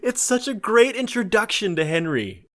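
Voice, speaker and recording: Podcast cohost dude, super bouncy voice, laughs a lot, dry mic. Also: male voice, high voice, big pitch swings, normal speed, fairly bright tone, no echo. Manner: chatty, laughs often, jumps into quotes. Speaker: podcast co-host. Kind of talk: casual film discussion.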